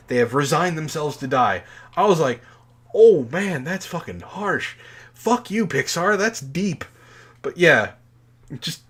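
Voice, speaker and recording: A man in his forties with a notably high-pitched voice, chatting casually as a podcast co-host. He tells his stories in an animated way, swearing freely as he goes. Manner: profane, animated storytelling. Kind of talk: casual chat.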